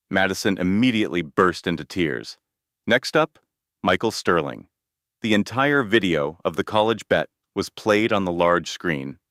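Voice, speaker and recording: A man narrating a scripted story with a measured, even delivery. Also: deep voice, no room sound, studio quality.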